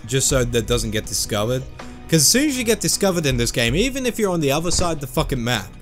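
Let's-player, animated pitch, sweary jokes, faint game music under him. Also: male voice, fast talker. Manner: joking, sweary, does silly voices. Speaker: gaming channel host. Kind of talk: let's play commentary.

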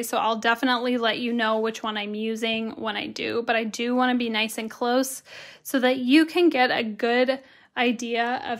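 Hoarse woman teaching a slow craft demo. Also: fairly high pitch, fairly bright tone. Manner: chatty, greets viewers by name. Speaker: watercolor instructor. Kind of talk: live-stream craft tutorial.

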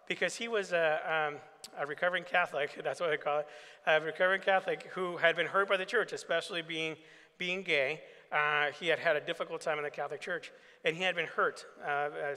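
A man's voice: fairly high pitch, sharp tone. A man, a pastor, giving a keynote and telling anecdotes, acting out the dialogue in them. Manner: anecdotal, acts out quoted dialogue. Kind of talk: keynote storytelling to an assembly. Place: large assembly hall. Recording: long hall reverb.

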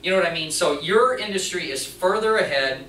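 Animated male trainer, echoey room. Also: high-pitched, a little fast, slight background noise. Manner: animated storytelling, acting out dialogue in quotes. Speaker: workplace trainer and mechanic. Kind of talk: live presentation to an audience. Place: meeting room at a hospital. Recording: roomy echo, distant mic.

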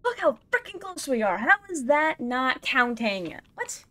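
A woman talks through a video game in a bright, high-pitched voice with a lively, swooping melody. She speaks at an easy, unhurried pace, mocking herself and venting at the game. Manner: self-mocking, talks to herself, laughs often; exasperated sighs and outbursts at the game. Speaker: let's play gamer. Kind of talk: casual gameplay commentary.

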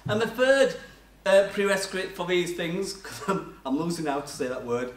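A man's voice: high voice, lively intonation, normal speed. An older man preaching a sermon, telling chatty stories about his own life with self-mocking laughs. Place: church hall. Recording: echoey church sound from far off.

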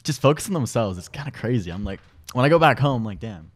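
A man's voice: mid-range voice, fast. Laughing young man telling stories. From Washington State, US. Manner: animated storytelling, laughing often. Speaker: podcast guest. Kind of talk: casual chat.

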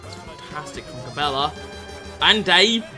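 A man commentating his football video game with excitable, sweary energy, calling viewers lads. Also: on the high side, unhurried, faint music behind. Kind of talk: gameplay commentary.

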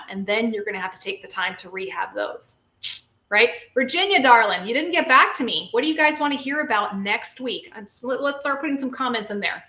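A woman hosting a casual live-stream Q&A as a physical therapist, chatty and lively, talking straight to her viewers. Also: medium pitch, echoey room. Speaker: physical therapist and show host.

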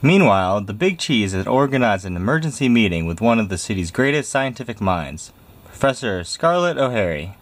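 Lively low-voiced man reading a storybook. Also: moderate pace. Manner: lively, expressive read-aloud delivery. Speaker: storybook reader. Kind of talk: reading a picture book aloud.

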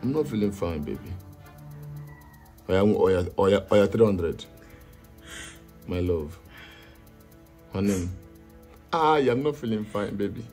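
A coaxing Nigerian boyfriend, low soft voice, lively pitch, mellow tone, music under. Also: male voice, slow, long pauses. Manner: pleading, coaxing. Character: desperate young man begging his girlfriend. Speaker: pleading boyfriend. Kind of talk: Nollywood drama acting.

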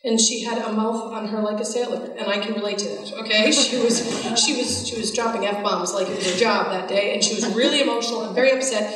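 A woman with a slightly high voice tells her own story in a chatty, wry, animated way. Her voice rings through a big echoing hall. She stands some way from the mic. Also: fast, hardly any pauses, noisy background. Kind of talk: live personal storytelling. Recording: echoey hall, voice from a distance.

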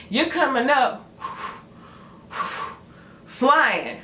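A woman doing a casual tarot reading for her channel, chatty and animated as she tells a story. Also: a little high, normal speed. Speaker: tarot reader. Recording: echoey room with faint noise.

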